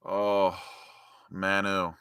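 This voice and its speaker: A young man hosting a live football watchalong, giving excitable, emotional fan commentary into a close mic. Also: deep voice, very slow, smooth, no room sound. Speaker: watchalong host.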